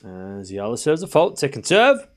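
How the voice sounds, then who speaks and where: A man's voice: mid-range voice, huge pitch swings, moderate pace. A young Australian man streaming live tennis commentary, calling points and bantering with his chat. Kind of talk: live watchalong commentary, chatting with viewers.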